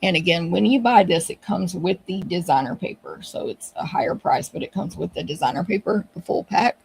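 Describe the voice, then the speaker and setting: Woman craft host, gravelly and husky, chatty and gushing, casual walkthrough. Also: lowish voice, a little fast, darkish tone, low-quality recording. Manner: chatty, gushing, many fillers.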